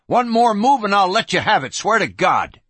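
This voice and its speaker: A man's voice: a little high, big pitch swings, unhurried, a bit bright, husky, no room sound, heavily acted. A man voicing a cocky, mocking young gunslinger in a western audiobook, with a brash, taunting drawl. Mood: threatening.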